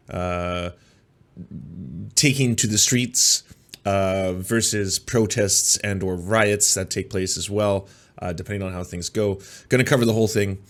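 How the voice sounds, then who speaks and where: A man with a Canadian accent hosting a live commentary stream, sarcastic and profane, with many filler sounds. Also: lowish voice. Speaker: host.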